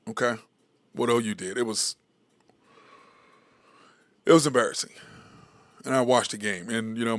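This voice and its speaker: A man's voice: medium pitch, fairly bright tone, no room sound. A sports talk host, rambling and venting his frustration in a solo commentary.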